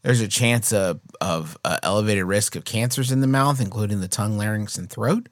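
A man's voice: on the low side, brisk, no room sound, clean studio sound. A man co-hosting a casual comedy podcast, joking and doing little bits as he talks. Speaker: podcast co-host.

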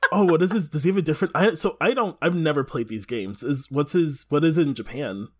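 A woman co-hosting a podcast in casual chat, animated, swearing, and often restarting her sentences. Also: low-pitched, fast, slightly rough. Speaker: podcast co-host.

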